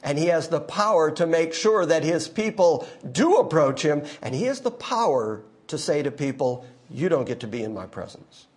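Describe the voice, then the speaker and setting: A man preaching to a congregation in a lively, animated voice that rises and falls. He is emphatic, dropping low for asides and climbing high for forceful declarations. His voice sits a little above the usual male pitch. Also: normal speed, few pauses. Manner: emphatic, swings from quiet asides to loud declarations. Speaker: pastor. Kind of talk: sermon.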